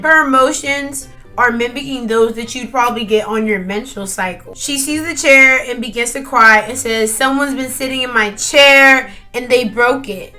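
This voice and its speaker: A woman's voice: a little high, bright, forceful tone. A teenage girl casually narrating a school project story, chatty and full of "like". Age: teens. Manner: chatty, lots of "like". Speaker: student narrator. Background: faint background music.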